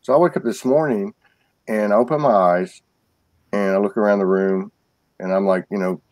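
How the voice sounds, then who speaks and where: This guest in a casual spiritual conversation has a lowish, darkish voice and talks at a normal speed, recorded close and dry with no echo. He tells his stories earnestly but stumbles through restarts and repeated words.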